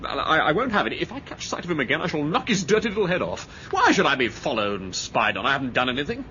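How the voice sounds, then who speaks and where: An actor playing a bitter, touchy English ex-soldier with an edgy, resentful manner, in an old radio drama. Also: male voice, fairly high pitch, sing-song, pushed and bright, slight background noise. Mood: angry. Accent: upper-class English. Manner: edgy, resentful, quick to flare up. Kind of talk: 1930s-style radio drama acting. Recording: dull old radio recording.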